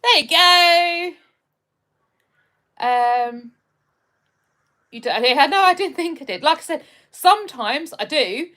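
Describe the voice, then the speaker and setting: This young woman, from just outside London, England, has a high, sing-song, fairly bright voice and a moderate pace. On her live stream she chats and rambles through viewer comments, often saying um and restarting.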